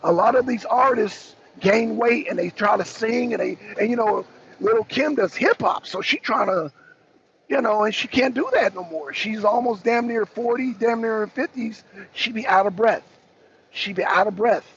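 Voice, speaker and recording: A high-pitched male host with a gravelly edge rambles through his opinion, blunt and emphatic, swearing casually. The recording is dull and lo-fi, with a faint hiss of noise underneath. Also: moderate pace, fairly bright tone. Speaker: talk show host.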